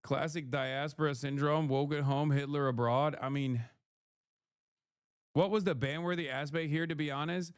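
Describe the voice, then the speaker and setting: A man's voice: a little high, steady tone, moderate pace, clean tone, no echo, clean studio sound. A man streaming, heatedly reacting to and reading out chat messages, swearing often. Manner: heated, profane, reads chat messages aloud. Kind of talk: casual livestream rant.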